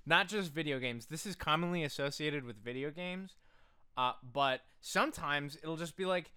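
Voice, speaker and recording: Male co-host, slightly high, smooth tone, reads notes, laughs easily. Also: moderate pace, bright, forceful tone. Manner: reads facts aloud, breaks into laughter. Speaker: podcast co-host. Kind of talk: casual comedy chat, reading notes.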